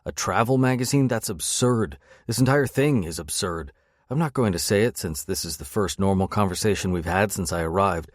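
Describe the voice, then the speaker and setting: A man's voice: sits low, moderate pace, no room sound, clean studio sound. A man narrating a first-person romance audiobook with a wry, sardonic edge. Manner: wry, sardonic inner monologue.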